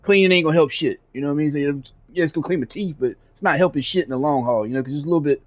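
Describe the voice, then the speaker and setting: Talking rapid-fire in a fairly high voice, a gaming streamer spins out a lengthy, meandering story full of fillers and profanity. The audio has a dull lo-fi quality.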